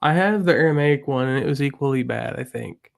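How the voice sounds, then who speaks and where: Student guy in a live class, gravelly, kinda unsure. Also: mid-range voice, brisk.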